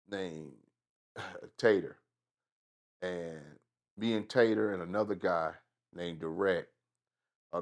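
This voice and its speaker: A middle-aged man from Atlanta with a Southern accent, telling profane, animated stories as an interview guest. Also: low-pitched, vocal fry. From Atlanta, Georgia. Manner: animated storyteller, profane, drawling asides. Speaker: guest rapper. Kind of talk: casual storytelling interview.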